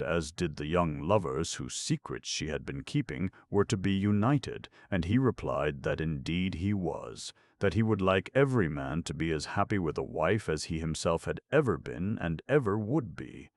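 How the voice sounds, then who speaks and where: A man narrating a classic story for an audiobook in measured, even storytelling. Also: low voice, no room sound, clean studio sound. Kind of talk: scripted narration.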